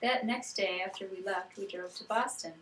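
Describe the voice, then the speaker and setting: A woman's voice: mid-range voice, normal speed, a little hiss or hum. A woman chatting casually about a trip on a home video, finishing her partner's sentences. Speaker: traveler recounting a trip. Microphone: camcorder mic. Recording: roomy home camcorder audio from a distance.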